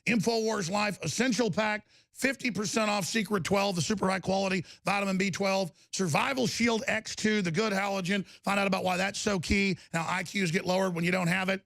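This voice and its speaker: A middle-aged man hosting a live talk radio show, ranting angrily and repeating himself, mixed with product pitches. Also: fairly even intonation, a little fast, gravelly, fairly bright tone, dry recording. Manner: angry, aggressive, repetitive ranting.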